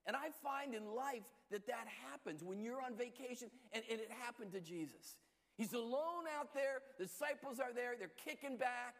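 A man preaching a sermon and telling stories, with lively shifts between soft and loud delivery. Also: normal speed, long reverb tail. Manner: storytelling, lively shifts in pitch and loudness. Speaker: pastor.

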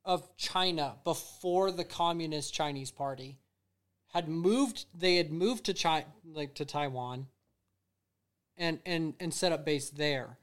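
A man's voice: a little high, slow, clear, resonant tone. A man co-hosting a casual podcast, ranting and swearing a lot as he talks. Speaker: podcast co-host. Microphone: streamed podcast mic.

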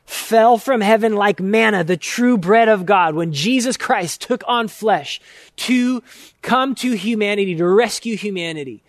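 A man's voice: high-pitched, dry recording, clean studio sound. A male pastor preaching a sermon in an earnest, emphatic way, stretching out key words and repeating phrases for weight. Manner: earnest, emphatic, drawn-out repetition.

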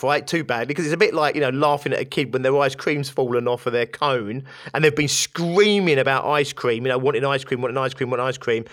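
A man hosting a podcast, telling an animated story off the cuff and tagging his sentences with a questioning "right?". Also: medium pitch, fairly quick, hardly any pauses. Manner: animated, tags lines with "right?", swears casually. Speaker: podcast host. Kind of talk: casual storytelling monologue.

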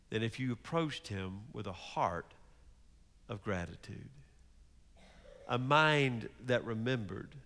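A man preaching a sermon as pastor, telling stories with big swings between loud and hushed, in a church sanctuary. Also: medium pitch, big-room sound.

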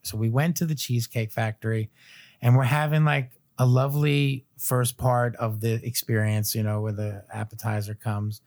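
A man in his thirties, a podcast guest, telling a long personal story in a loose, animated way, full of fillers and little chuckles. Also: mid-range voice, moderate pace. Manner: loose filler-heavy phrasing. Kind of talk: casual storytelling chat.

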